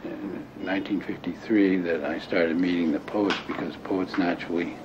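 An older man reminiscing in an interview, talking haltingly with many restarts and fillers. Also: deep voice, steady tone. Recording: dull lo-fi audio with clear noise.

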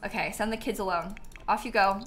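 A young woman chatting casually to her viewers while playing a game live, animated and talking back to the game. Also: medium pitch, brisk, a little hiss or hum. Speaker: streamer. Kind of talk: casual live-stream gameplay chat. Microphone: headset.

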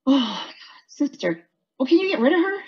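A woman's voice: high voice, sing-song, normal speed, darkish tone, dull audio. A woman in her forties, angry and swearing in voice chat. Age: 40s.

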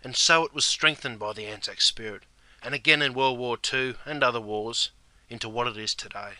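Bright-voiced Australian bloke explaining slang. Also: male voice, medium pitch, a little fast, no room sound. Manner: laid-back, slang-heavy, keeps saying mate. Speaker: slang teacher. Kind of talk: comedic scripted explanation.

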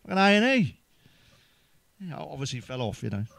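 An English stand-up comedian fires off crude one-liners, swearing freely and chuckling at his own punchlines. His voice sits a little high for a man. The sound is dry and close, with no room echo. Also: big pitch swings, moderate pace, gravelly, fairly bright tone. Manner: swears heavily, laughs at his own jokes; sips a drink between jokes.

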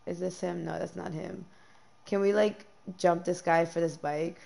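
A young woman streaming a life-sim game, chatting casually with lots of ums and quick bursts of dismay. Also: on the low side, steady tone, creaky, mellow. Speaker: gameplay streamer. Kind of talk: casual gameplay commentary.

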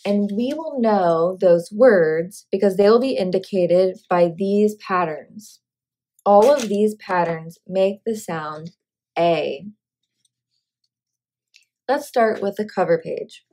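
Woman teacher slowly reading aloud. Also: medium pitch, mellow. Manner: slow, clear, carefully sounding out words. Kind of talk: classroom read-aloud and phonics lesson.

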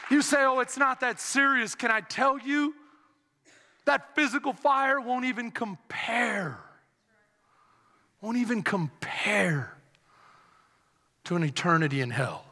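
A male pastor preaching with fervor, his voice high and bright. He tells stories dramatically and rises to shouts at the peaks. The sound carries a long reverb from a large hall. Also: expressive, slow, pauses often, a faint crowd. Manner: impassioned, shouting at climaxes, dramatic storytelling. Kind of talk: sermon.

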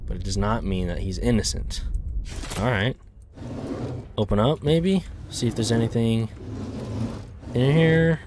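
A man commenting on a horror game playthrough, jumpy and swearing, shouting when startled. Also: mid-range voice, unhurried, long pauses, noisy background. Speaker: gaming video host.

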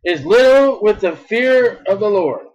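A man preaching a sermon in an emphatic style, repeating words and swinging between loud bursts and soft asides. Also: high voice, animated, measured pace, dull audio.

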